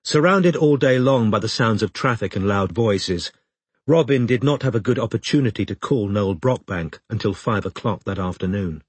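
A man reading a novel aloud as audiobook narrator, in steady, even storytelling. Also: lowish voice, normal speed, slightly rough, no echo. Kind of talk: scripted narration.

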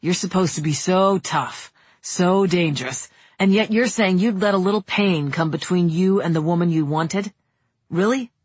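A woman voicing a calm, protective young man who speaks dryly and firmly in a storybook. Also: on the low side, moderate pace, husky, no echo. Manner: calm, dry, firm.

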